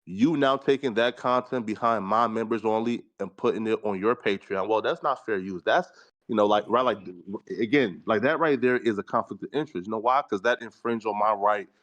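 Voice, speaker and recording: A man's voice: fairly low pitch, fairly quick, fairly bright tone. A man on a podcast panel talking in a casual, rambling way, packing his speech with fillers and slang. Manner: rambling, full of fillers like "right" and "you feel me"; slangy and profane. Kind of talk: casual chat.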